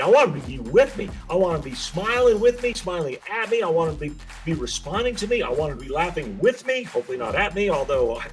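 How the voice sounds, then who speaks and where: A man who works as a speaker coach, presenting a webinar on public speaking, animated and addressing the listener with frequent questions. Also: fairly high pitch.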